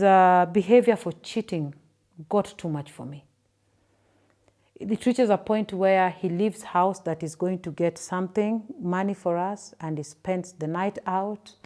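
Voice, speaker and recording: A Kenyan woman in her thirties, telling her own story to an interviewer in a soft, halting way with repeated words and fillers. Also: lowish voice. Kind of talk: personal testimony in an interview.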